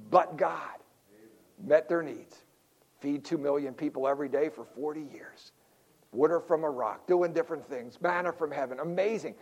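Older pastor, high-pitched man, playful sermon style with quick jokes and hushed asides. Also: lo-fi sound. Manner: lively, jokey preaching with sudden drops to quiet asides.

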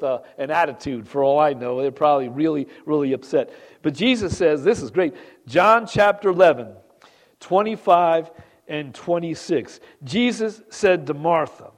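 A man preaching with a high, lively voice. He reads scripture loudly, then drops low and quiet for asides. He keeps asking his listeners questions. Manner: animated preaching, rising loud on scripture and dropping low for asides; asks the congregation questions. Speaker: pastor. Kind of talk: sermon.

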